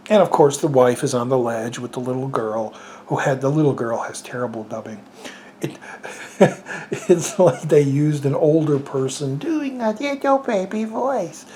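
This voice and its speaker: A man talks through a casual spoken review, rambling and restarting his sentences with plenty of fillers. He sounds amused by what he describes. His voice sits at an ordinary middle pitch, with a faint hiss behind it. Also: a little mellow. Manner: amused, chuckles at the film. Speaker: movie reviewer.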